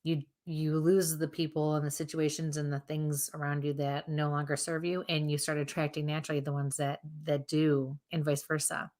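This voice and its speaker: A woman's voice: deep voice, little pitch movement, moderate pace, few pauses. A woman co-hosting a live show, reading spirit messages for viewers in a chatty way with frequent laughter. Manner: warm, chatty, laughs often. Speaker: psychic medium co-host.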